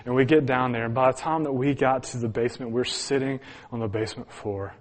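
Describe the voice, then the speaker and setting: A man's voice: mid-range voice, steady tone, a little fast. A man preaching, telling a personal story to his congregation with earnest, chuckling delivery and frequent restarts. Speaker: pastor. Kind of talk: sermon storytelling.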